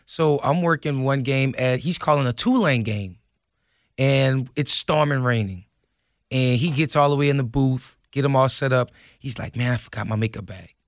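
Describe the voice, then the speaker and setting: A young man, a podcast guest telling a story in an animated way and acting out the quotes. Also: mid-range voice, normal speed, no echo, clean studio sound. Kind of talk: casual storytelling.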